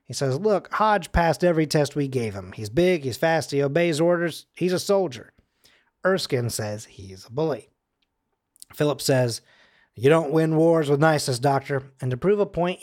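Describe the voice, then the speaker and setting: A man's voice: on the high side, expressive, normal speed. A man co-hosting a casual podcast, retelling a film scene by scene with eager enthusiasm and frequent laughter. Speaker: podcast co-host recapping a film. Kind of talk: casual chat.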